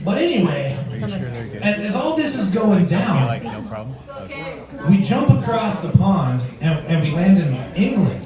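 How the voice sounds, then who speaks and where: A male stand-up comedian telling crude stories conversationally and working the crowd from a comedy club stage. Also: a little high. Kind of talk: stand-up set. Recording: echoey club from far off, crowd.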